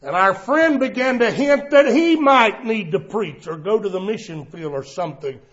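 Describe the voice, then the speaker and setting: A male preacher delivers a sermon, swinging between loud cries and hushed tones. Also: high-pitched, animated, moderate pace, lo-fi sound.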